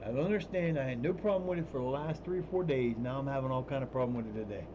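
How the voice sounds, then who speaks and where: A man's voice: mid-range voice, very fast, background noise. Chatty, profane male streamer, muffled audio. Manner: chatty, profane, grumbles at his gear. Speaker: live streamer. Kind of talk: casual live-stream commentary.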